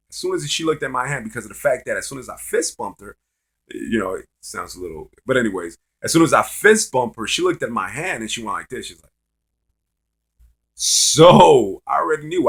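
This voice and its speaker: A man's voice: mid-range voice, gravelly, a bit bright, husky. A man vlogging dating advice as a loose, profane, rambling story told in casual talk.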